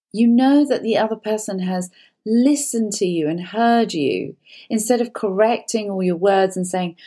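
A woman's voice: on the low side, warm tone. A woman speaking as a guest expert, giving earnest, explanatory advice and often repeating herself. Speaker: guest psychologist. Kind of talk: conversational advice talk.

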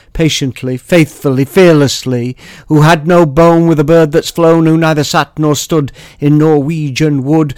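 A man recites scripture and his own poetry with measured emphasis, leaving weighty pauses. His voice sits slightly high. It is recorded close and dry, with no room sound. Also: no room sound. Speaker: poet reading and explaining his own poems. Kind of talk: dramatic poetry and scripture reading.

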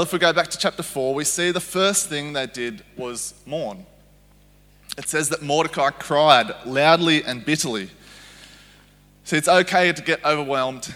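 Guest speaker, man, bright storytelling preacher, reverberant church hall. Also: medium pitch. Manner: storytelling, checks in with the audience. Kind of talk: family service sermon.

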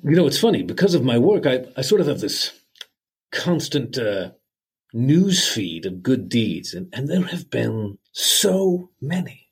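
A man's voice: medium pitch, very animated, a little slow, husky, full character voice. A man playing jolly old Santa Claus. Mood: heartfelt. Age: older. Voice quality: folksy, avuncular, chuckling. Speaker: interview guest.

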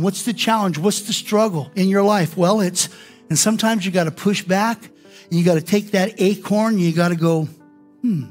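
A man preaching a sermon as pastor, animated and acting out quoted prayers in different voices. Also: high voice.

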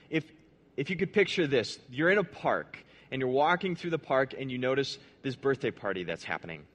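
Man w fairly high voice preaching a chatty sermon, asks the crowd stuff, restarts a lot, goes low and quiet for emphasis. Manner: conversational, asks the audience questions; restarts and repeats words, dropping low and soft for emphasis.

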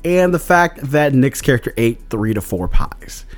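A man's voice: medium pitch, sing-song, moderate pace, soft background music. Rambling man recapping his tabletop game. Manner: rambling, lots of fillers. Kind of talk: casual chat.

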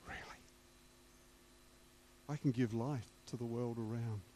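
A man's voice: medium pitch, fairly even intonation, normal speed, mellow, a little hiss or hum. A man preaching a sermon, emphatic and repeating key words for weight.

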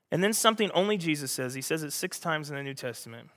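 Bright-voiced man preaching in a reverberant hall. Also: fairly high pitch, fast talker, hardly any pauses. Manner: animated, jokey preaching that acts out scripture. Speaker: pastor. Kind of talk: sermon.

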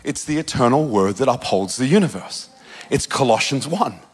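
An Australian man with a husky, mid-range, expressive voice preaches a sermon in his native accent. He tells a personal story, tossing in quick asides and laughing at himself.

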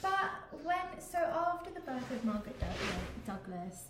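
Higher-voiced woman recounting history, echoey. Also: sing-song, a little slow, fairly bright tone. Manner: keeps the story on track, narrating events. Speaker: podcast co-host. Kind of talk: casual history podcast chat. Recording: roomy echo.

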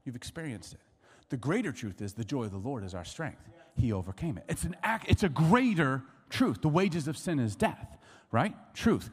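A middle-aged male pastor delivers a lively sermon, his pitch swinging widely as he acts out stories. His voice carries a long reverb tail from a large church hall. His pitch sits mid-range for a man. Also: normal speed, breathy edge. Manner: animated storytelling, acts out voices and laughs.

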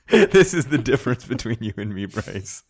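A man's voice: mid-range voice, sing-song, moderate pace, a little mellow, breathy edge. A man hosting a podcast in casual chat, joking and laughing often. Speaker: podcast host.

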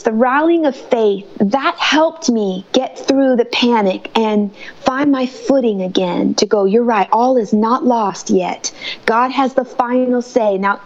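A woman's voice: a little high, lo-fi sound. A mother speaking in an interview, fervent and emotional as she tells her story through faith. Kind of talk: testimony interview.

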